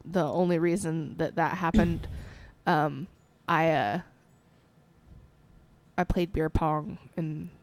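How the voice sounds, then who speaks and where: Woman podcast co-host, twenties, unhurried, giggly, rambling chat. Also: low voice, steady tone. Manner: giggly, rambling with many ums. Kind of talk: casual chat.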